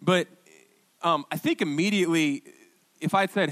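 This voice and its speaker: A man preaching a sermon as pastor, telling stories in a chatty, halting way with restarts and quoted dialogue. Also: fairly high pitch, expressive, a bit bright. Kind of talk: conversational sermon storytelling.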